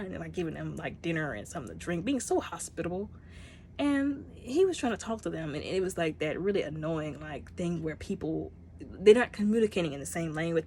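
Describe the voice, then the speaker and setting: A woman's voice: on the low side, darkish tone, slight background noise. A woman giving a casual spoken movie review, retelling scenes and acting out the characters' lines.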